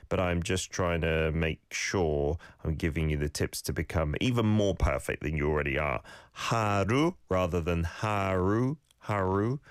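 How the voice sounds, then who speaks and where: A man hosting a radio show who coaches listeners' pronunciation, patiently repeating sounds slowly and explaining small corrections. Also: deep voice, no room sound, studio quality. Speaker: radio host teaching Korean. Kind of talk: casual radio talk with language tips.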